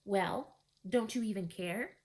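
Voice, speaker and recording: A woman's voice: mid-range voice, slow pace, darkish tone, close to an everyday voice. Stern older yorkshire housekeeper lady, tutting and scolding, read out by a woman. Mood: indignant. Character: stern older female housekeeper, formidable, disapproving.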